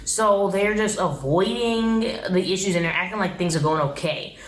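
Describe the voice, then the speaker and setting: A woman's voice: on the low side, moderate pace, hardly any pauses, roomy sound, a little hiss or hum. A young woman giving a blunt, opinionated casual recap of a TV show. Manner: blunt, opinionated, exasperated commentary. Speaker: TV show reviewer.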